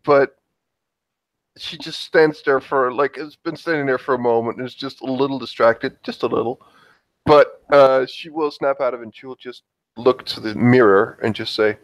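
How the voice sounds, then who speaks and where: A man's voice: mid-range voice, moderate pace, dry recording, rough recording. A man playing a tabletop game, casually narrating what his character does. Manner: casual, rambling. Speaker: player.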